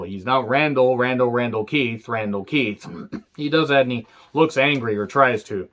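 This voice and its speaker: A man reviewing a wrestling show in a casual, profane rant, sarcastic and dry, with sudden sharp outbursts. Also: medium pitch, moderate pace, dull audio.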